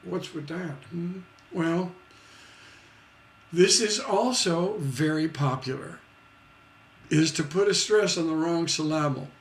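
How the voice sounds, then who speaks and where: A man's voice: fairly high pitch, slow pace, long pauses. A man teaching songwriting on a live stream, chatty and rambling, with many fillers and tag questions.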